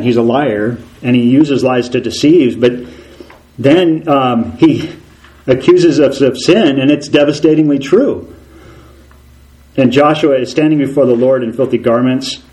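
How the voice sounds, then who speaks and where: A man preaching a sermon in an animated way, asking rhetorical questions and acting out voices. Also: medium pitch, low-quality recording.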